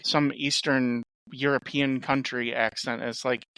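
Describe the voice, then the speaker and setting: A man's voice: mid-range voice, flat delivery, unhurried, bright, forceful tone, smooth, no room sound, poor audio. A man co-hosting a movie podcast, critical and exasperated in casual chat. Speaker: podcast co-host.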